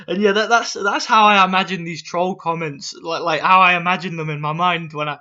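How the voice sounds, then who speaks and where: A man's voice: sits high, fairly even intonation, brisk, few pauses, sharp tone. Swearing, ranting man on a lo-fi mic. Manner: swears often, stammers and repeats words. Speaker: boxing YouTuber. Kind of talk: casual ranting vlog.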